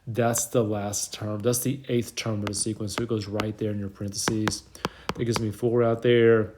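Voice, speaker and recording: A man's voice: fairly low pitch, little pitch movement, moderate pace, noisy background. A man teaching a math lesson over a whiteboard, explaining step by step, audibly out of breath. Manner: plain step-by-step explaining, talks himself through the work. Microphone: tablet mic.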